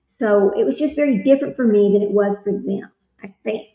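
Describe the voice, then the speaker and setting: A woman's voice: medium pitch, fairly quick, warm tone, reverberant, low-quality recording. A woman hosting a casual livestream, rambling and talking straight to her viewers. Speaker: livestream host.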